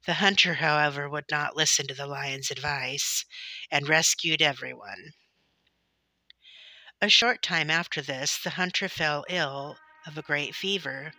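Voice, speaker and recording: A woman narrating a children's story in a gentle, deliberate way. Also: low voice, dry recording. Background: soft background music.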